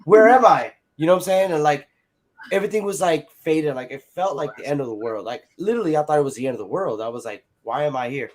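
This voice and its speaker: He talks quickly in a slightly mellow, higher-pitched voice with lively intonation, spinning a rambling personal tale in casual talk. Swear words, constant "like" and "you know," and acted-out dialogue from others fill it.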